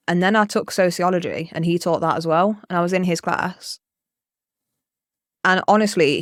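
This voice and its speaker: A podcast co-host in casual chat, telling stories in a sweary, animated way and acting out the quotes. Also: medium pitch, no echo, clean studio sound.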